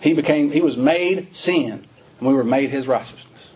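A man preaching a sermon, reading scripture and explaining it in plain folksy talk, rising to fervent emphasis and slowing on key words. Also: a little mellow, breathy edge. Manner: rises to high, fervent emphasis and slows on key phrases; reads scripture in old-fashioned wording, then explains in plain folksy talk.

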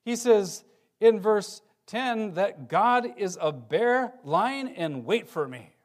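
Man with a high voice preaching a sermon; reads scripture, dynamic between emphatic and hushed delivery. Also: takes it slowly. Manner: expressive, swings between loud emphasis and quiet low passages. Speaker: pastor.

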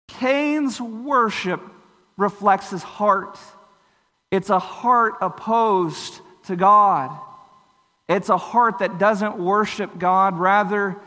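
A man's voice: high voice, pushed and bright, in a large hall. A man preaching a sermon, earnest and explanatory, slipping into short voiced asides.

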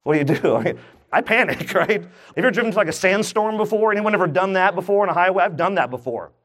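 A man's voice: high-pitched, lively intonation, quick pace, fairly bright tone. A man preaching a sermon, asking his congregation questions and joking as he goes. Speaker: pastor. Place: church.

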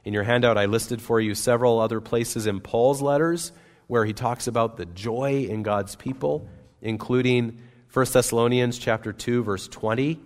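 A man preaching a sermon as pastor, earnest and emphatic, with wide swings between loud and soft. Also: medium pitch, fairly even intonation, normal speed. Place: church sanctuary. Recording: long reverb of a church hall.

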